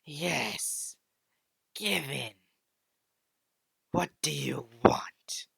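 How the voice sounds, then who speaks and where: A cruel, ancient shadow spirit, as a man puts him on, savouring every word with slow, gloating menace. He drops into breathy whispers, and the sound is close and dry with no room around it. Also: on the high side, expressive, pushed and bright, dry recording, voice pushed up, exaggerated voice. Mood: sinister.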